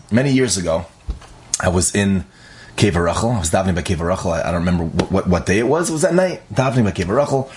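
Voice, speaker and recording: A young man casually telling a personal story, animated, acting out the dialogue and laughing often. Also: fairly low pitch.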